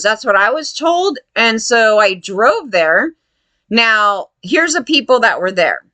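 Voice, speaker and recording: In a dry recording, a woman who survived the fires vents her anger at being turned away, swearing a lot and performing the officials' words back. Her voice leans high and sounds animated and sharp, and she takes her time.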